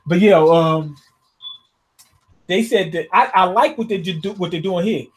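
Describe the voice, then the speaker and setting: A man casually reviewing a comic chapter, slangy and thinking out loud with laughs. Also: sits high, measured pace. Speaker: manga reviewer.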